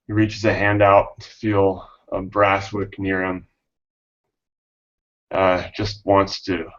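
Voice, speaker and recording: A man's voice: low voice, monotone, takes it slowly. A man narrating his character's emotional moment in a tabletop game, hesitant, with sighs and laughs. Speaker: player. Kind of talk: tabletop role-play narration. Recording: dull lo-fi recording.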